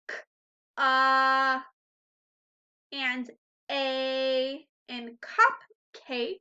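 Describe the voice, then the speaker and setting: A woman teaching a phonics lesson to young children, speaking slowly and clearly and drawing out each sound. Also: high-pitched, pushed and bright, highs cut off. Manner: slow, clear, encouraging teacher talk with drawn-out sounds. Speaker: first grade teacher.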